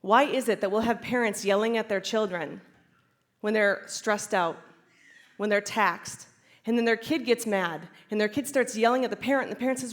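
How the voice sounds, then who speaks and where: A chiropractor speaking at a conference before a live audience, animated and laughing often as she acts out inner voices. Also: medium pitch, normal speed. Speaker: chiropractor giving a conference talk. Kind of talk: lively conference talk.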